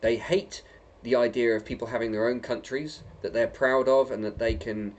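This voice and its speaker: A man's voice: mid-range voice, fairly even intonation, moderate pace, dull audio. A man from England delivering an emphatic vlog monologue, repeating himself and tagging lines with "right?" and "okay?". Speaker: video blogger.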